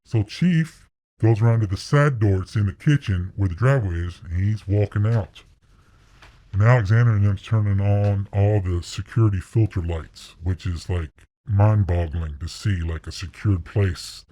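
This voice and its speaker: A man casually telling a first-person story, animated and profane, acting out sounds. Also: on the low side, normal speed, dry recording.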